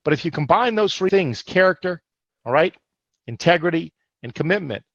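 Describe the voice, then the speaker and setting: A man's voice: a little high, expressive, moderate pace, gravelly, fairly bright tone, no room sound. A man co-hosting a motivational online business webinar, emphatic and forever checking in with "all right?". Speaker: co-host. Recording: dull lo-fi livestream audio.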